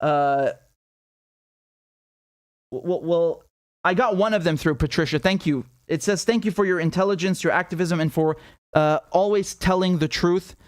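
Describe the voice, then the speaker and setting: A man's voice: fairly high pitch, moderate pace, pauses often, no room sound, clean studio sound. A young adult man hosting a live political commentary stream, talking in a heated, sarcastic and profane way, stumbling over restarts and reading viewer donation messages aloud. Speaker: independent political commentator and host.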